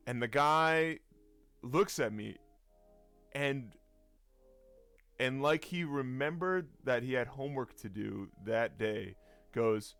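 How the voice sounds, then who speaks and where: Animated man telling a story. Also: medium pitch, takes it slowly, long pauses, clear, resonant tone, soft background music. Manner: lively, animated, chuckling often. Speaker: youth pastor. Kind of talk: casual storytelling.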